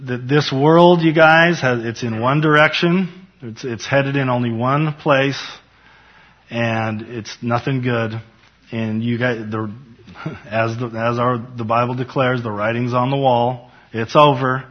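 A man with a husky, mid-pitched voice teaches the Bible to his online viewers in a casual, fervent way. He talks to them directly and slows down to stress the scripture he reads. The recording sounds dull and lo-fi. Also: fairly even intonation. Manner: earnest, fervent, addresses viewers as "you guys"; reads scripture slowly with rising emphasis.

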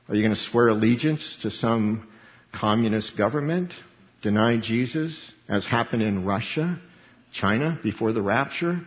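A man's voice: medium pitch, in a large hall, lo-fi sound. A man preaching a sermon, emphatic, repeating key words and acting out little dialogues.

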